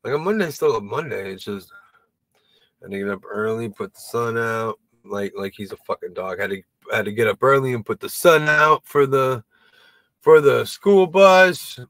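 A man's voice: medium pitch, moderate pace, a bit bright, no echo. A man in his sixties hosting a comedy show, doing a loose, rambling, profane stand-up monologue. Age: 60s.

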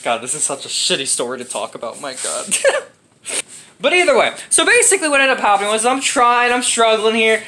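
Brief: young man, casual storyteller, high and sing-song delivery, dramatic and profane. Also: a little fast, a little hiss or hum. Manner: animated, profane, dramatic with acted-out grunts.

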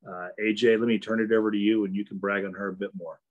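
A man's voice: fairly low pitch, flat delivery, fast, lo-fi sound, slight background noise. A man hosting an award ceremony over a video call, speaking earnestly with frequent ums and uhs. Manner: many fillers, earnest and praising. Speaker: event host.

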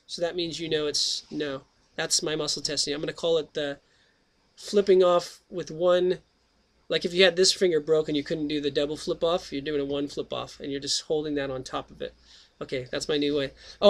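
A man hosting his own comedy healing show, talking in a jokey, rambling way and then reading a book aloud. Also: high-pitched. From United States. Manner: jokey, rambling, with sudden jumps in loudness. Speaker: radio show host.

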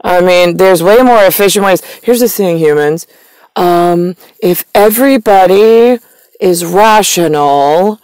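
Slow, smooth-voiced rambling woman. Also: lowish voice, a little mellow, no echo, poor audio. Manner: meandering, stream-of-consciousness, frequent ums. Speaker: vlogger. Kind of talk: rambling monologue to camera.

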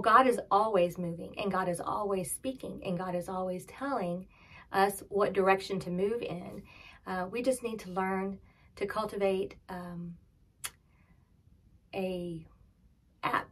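A woman's voice: mid-range voice, fairly bright tone. A middle-aged woman pastor giving a sermon in a conversational, storytelling way, dropping her voice almost to a whisper for emphasis.

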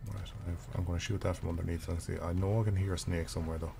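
A man's voice: sits low, level tone, quick pace, creaky, background noise. A man streaming a video game, giving casual, profane and rambling commentary with jokes as he plays. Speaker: gaming streamer.

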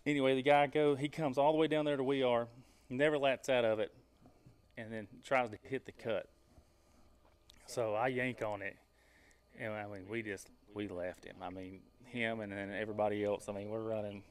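A man hosting a casual podcast, telling a hunting story in a lively way and laughing as he goes. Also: fairly low pitch, normal speed.

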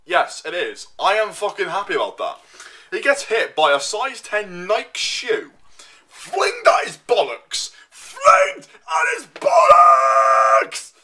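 A man's voice: high-pitched, sing-song, unhurried, slightly rough. A young man ranting to camera, swearing heavily and repeating himself as he works himself up. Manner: swears constantly, repeats himself, loud and worked up. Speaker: vlogger. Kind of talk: profane ranting monologue.

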